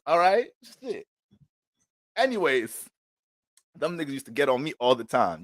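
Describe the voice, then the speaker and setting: A man hosting an astrology livestream, talking in a loose, slangy, animated storytelling way. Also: on the high side, unhurried, long pauses, no echo, clean studio sound. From Bronx, New York. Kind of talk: casual livestream chat.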